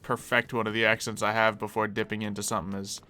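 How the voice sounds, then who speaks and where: A man's voice: fairly low pitch, level tone, fast, sharp tone, faint music behind. A man streaming a game live, chatting casually and answering viewers as he plays. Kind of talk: casual live-stream chat while gaming.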